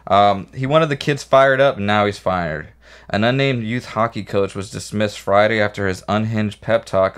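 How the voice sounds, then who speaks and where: A man co-hosting a podcast, joking and swearing as he reads news stories aloud haltingly. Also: lowish voice, clear, resonant tone. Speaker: podcast co-host. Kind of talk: casual podcast chat.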